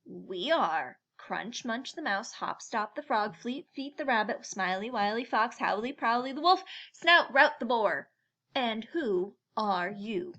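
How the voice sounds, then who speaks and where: Group of little storybook critters, timid, slow sing-song, bright and high; woman reader. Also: expressive, muffled recording, full character voice. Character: small woodland animals together, timid and crowded.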